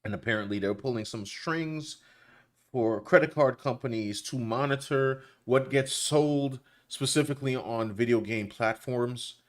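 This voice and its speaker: A man's voice: mid-range voice, unhurried. Male co-host, easygoing rambler, mid-range voice, casual commentary chat. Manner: rambling, loose and colloquial, many restarts.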